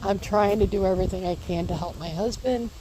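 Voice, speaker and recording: A woman's voice: medium pitch, fairly quick, noisy background. A woman chatting casually in her vlog, rambling and repeating her reassurances, recorded outdoors in a garden. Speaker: homesteading vlogger.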